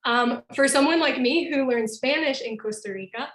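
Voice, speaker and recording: A woman's voice: sits high, normal speed, a bit bright, reverberant, rough recording. A woman giving a casual online presentation from where she lives, explaining with examples and laughing often. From North America. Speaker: presenter living in Costa Rica.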